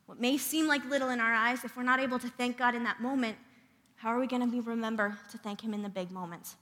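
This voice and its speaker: This preacher is a woman whose fairly high, slightly bright voice moves fast with fairly even intonation. She earnestly tells a family story and prays during her sermon, and the church hall adds long reverb.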